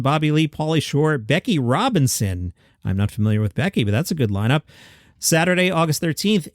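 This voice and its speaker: A man with a fairly high voice hosts a comedy news podcast, reading headlines and tossing off wry little jokes in between. The mic is dry and close, with no room sound. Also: no room sound. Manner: wry, jokey asides between read-out quotes. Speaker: podcast host. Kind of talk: solo comedy news podcast, read with asides.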